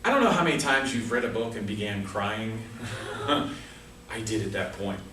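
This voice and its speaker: Lively storytelling man in an echoey room. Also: fairly low pitch, moderate pace, distant mic, background noise. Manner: storytelling with comic asides. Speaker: speaker at a speaking club. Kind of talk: prepared humorous speech. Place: club meeting room.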